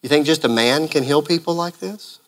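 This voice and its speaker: A male pastor preaching a sermon in an animated way, full of rhetorical questions. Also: a little high, brisk.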